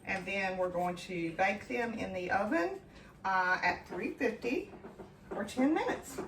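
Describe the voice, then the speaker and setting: A friendly woman talks her viewers through a home recipe, chatty and enthusiastic, calling them friends. Her voice sits a little away from the mic, in a kitchen that rings with room echo. A steady hum of household noise runs behind her. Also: medium pitch, a little slow, recorded from a distance. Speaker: home cooking vlogger. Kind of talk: casual cooking demonstration.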